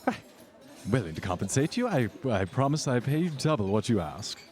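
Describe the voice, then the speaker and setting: A man's voice: mid-range voice, sing-song, a little fast, a little mellow, close to an everyday voice. Man putting on a gushing sing-song society lady. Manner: gushing, breezy, calls everyone darling. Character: flamboyant sing-song society woman, pushy and theatrical.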